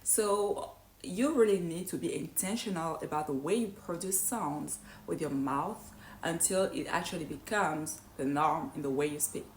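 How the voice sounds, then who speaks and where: A non-native English-speaking woman teaches English pronunciation at normal speed in a slightly low voice, explaining each point step by step and often checking in with "right?". The room is echoey, with slight background noise.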